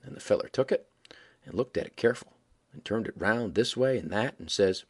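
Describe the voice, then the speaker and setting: A man reading a story aloud as a folksy, animated yarn-spinning narrator with a husky voice. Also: on the low side, brisk. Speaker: audiobook reader.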